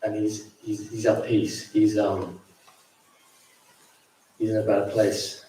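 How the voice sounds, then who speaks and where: A man giving a gentle, hesitant eulogy at a memorial, telling a personal story about his friend. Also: lowish voice, little pitch movement, slow. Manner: gentle, hesitant, with fillers and repeats. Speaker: memorial speaker. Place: large school dining hall. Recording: very echoey hall, mic far off.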